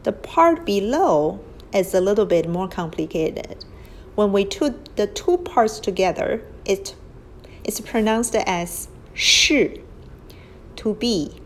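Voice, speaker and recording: A woman teaches a beginner lesson at a measured, very slow pace. Her pitch sits in an ordinary middle range, and she carefully models each tone aloud. A faint hiss of background noise runs under the phone-recorded narration. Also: sing-song, a little mellow, poor audio. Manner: patient, explains step by step, models tones aloud. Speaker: Chinese language teacher. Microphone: phone screen recording.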